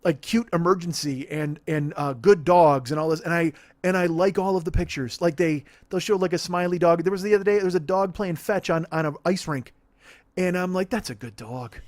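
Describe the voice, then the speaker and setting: A man's voice: on the high side, fairly quick, no echo. A man in his forties hosting a podcast, ranting in a profane, self-deprecating, rambling way. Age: 40s. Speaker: podcast host. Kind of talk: casual comedic rant. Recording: dry close-mic studio sound.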